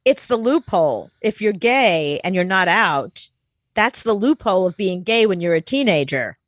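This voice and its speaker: A woman's voice: medium pitch, animated, normal speed, no room sound, studio quality. A woman co-hosting a casual talk show, telling candid personal stories and laughing often. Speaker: co-host. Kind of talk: casual chat.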